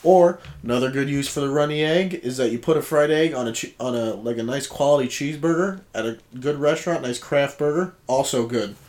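A man's voice: mid-range voice, fairly quick, hardly any pauses, darkish tone. A man co-hosting a casual podcast, talking in a laid-back, joking way. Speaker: podcast co-host. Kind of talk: casual chat.

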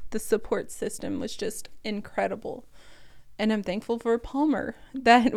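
A podcast co-host in her thirties gives an emotional personal testimony, sharing a painful story in a tearful, scattered way and often laughing through the tears. Her voice is a little high with a darkish tone.

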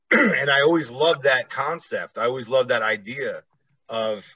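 A man in middle age hosts a relaxed conversation, rambling freely and laughing often. His voice is bright and forward. The recording is dry and a little dull. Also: medium pitch, measured pace, no echo. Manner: laid-back, rambling, laughs easily. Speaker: podcast host. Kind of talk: casual chat.

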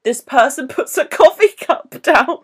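A woman's voice: high voice, unhurried. Chatty woman podcaster. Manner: rambling, animated, laughs while talking. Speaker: podcast co-host. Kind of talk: casual film discussion.

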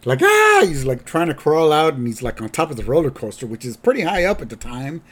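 A man's voice: medium pitch, lively intonation, fast, husky. A man hosting a podcast, casually recapping a cartoon episode with lots of fillers. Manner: rambling, filler-heavy. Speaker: podcast host.

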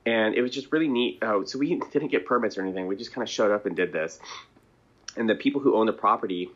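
A man's voice: on the low side, fast. A man talking at length as a guest in a casual interview, rambling and chuckling between thoughts. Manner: rambling, chatty, chuckles and clears throat. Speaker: band member, interview guest. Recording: dull lo-fi audio.

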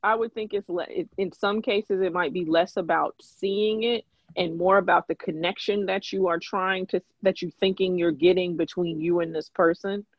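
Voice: medium pitch, fairly even intonation, moderate pace, no echo. A podcast co-host musing casually about a movie, hesitant and often starting over. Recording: dry, dull lo-fi sound.

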